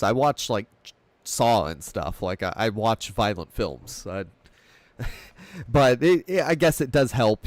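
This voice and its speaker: A man talks casually about a film he loves, rambling and laughing as he retells scenes. His voice sits at an ordinary middle pitch. The sound is dry and close, with no room around it. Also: no room sound. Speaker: film podcast host.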